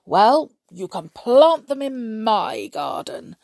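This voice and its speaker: A woman's voice: a little high, sing-song, takes it slowly, gravelly, a little mellow, dry recording, voice pushed up, exaggerated voice. A woman doing a sneering, spiteful imp. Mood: mocking. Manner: sneering, threatening storybook voice. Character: sly, spiteful male imp, clever and mean.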